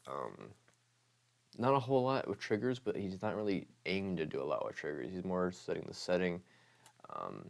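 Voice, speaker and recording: A man's voice: sits low, vocal fry. A young man hosting an ASMR channel, chatting casually about other creators, rambling and hesitant with many fillers, his voice sounding a bit off. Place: room with Pokemon items.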